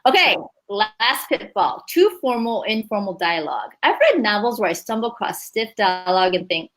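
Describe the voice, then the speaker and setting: A woman's voice: mid-range voice, big pitch swings, normal speed, fairly bright tone, low-quality recording. A woman leading a writing workshop in a chatty, upbeat way, laughing easily as she explains. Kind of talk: casual teaching chat.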